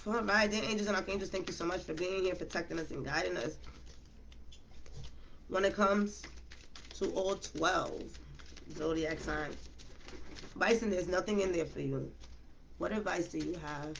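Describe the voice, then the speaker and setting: Gravelly-voiced woman chatting through a tarot reading. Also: lowish voice, normal speed, a little hiss or hum. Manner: chatty, slangy, addresses viewers as y'all. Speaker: tarot reader. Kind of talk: casual tarot reading livestream.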